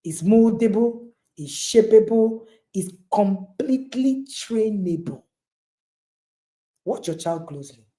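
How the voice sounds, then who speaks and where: A middle-aged Nigerian-accented woman urges parents on in a slow, emphatic motivational talk. Her intonation is lively and her tone warm and mellow rather than bright, and she speaks straight to her audience, repeating key lines for stress.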